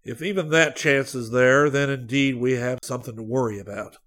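A man reading aloud, voicing a worried older male spy chief with crisp, formal replies. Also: mid-range voice, steady tone, brisk, a bit bright, natural voice. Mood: grave.

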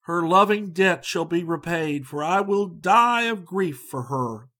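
A man's voice: high-pitched, animated, unhurried, sharp tone, voice pushed up, heavily acted. A man voicing a bewildered, grieving old man in a storybook reading, with a quavering, lamenting delivery.

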